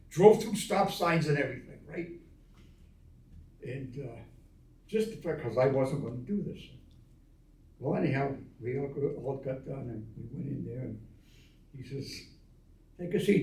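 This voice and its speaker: An older man tells stories in a relaxed, chatty way and acts out the voices in them. His voice sounds roomy and echoey, and he sits at some distance from the microphone. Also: medium pitch. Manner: animated yarn-spinner who acts out quoted dialogue with chuckles. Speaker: veteran interviewee. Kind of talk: casual storytelling of memories. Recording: roomy echo, voice from a distance of the mic.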